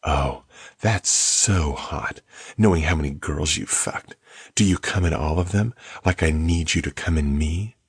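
A man voicing an eager young woman in a breathy manner while reading an audiobook. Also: extremely low pitch, unhurried, dry recording, studio quality, heavily acted.

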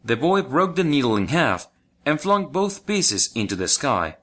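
A man narrating a children's folk tale audiobook in an expressive storytelling manner. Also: mid-range voice, a little slow.

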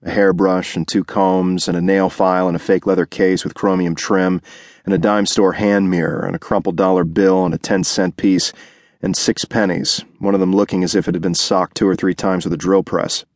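Low-voiced man narrating hardboiled noir. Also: flat delivery, moderate pace, no echo, clean studio sound. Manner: clipped, terse and world-weary. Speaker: audiobook narrator. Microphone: close studio mic.

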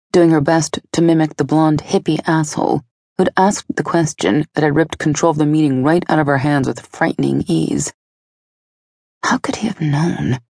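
A woman narrating an audiobook in a steady, even storytelling delivery on a close studio mic. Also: low-pitched, creaky, no echo.

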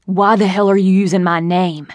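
A woman voicing a cold, gruff male bank robber who barks orders and threats in an audiobook. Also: fairly low pitch, fairly even intonation, normal speed, a little mellow, no echo, lightly acted. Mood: cold menace.

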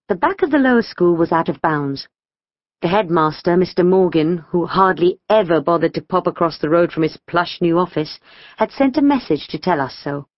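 Lively woman reading a children's book. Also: fairly low pitch, normal speed, no echo, muffled recording. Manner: lively storytelling, voicing schoolgirl dialogue. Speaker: audiobook narrator. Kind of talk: children's audiobook narration, first person.

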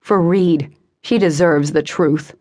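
A woman's voice: low-pitched, takes it slowly, dark tone. A woman voicing a bitter, hostile teenage boy who spits cold contempt. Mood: calm resolve.

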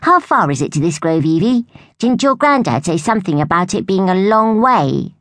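A woman's voice: on the low side, expressive, normal speed, a bit bright, no room sound, voice pushed up. A woman voicing a fussy young female woodland animal with a complaining manner. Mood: reluctant. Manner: complaining, reluctant.

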